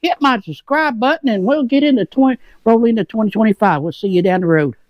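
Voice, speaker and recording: A man's voice: high-pitched, fast talker, no echo, lo-fi sound. A man hosting a motorcycle vlog, chatting casually and rambling while he eats. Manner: rambling, talks with mouth full. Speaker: motovlog channel host. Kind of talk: casual chat while eating. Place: home shed.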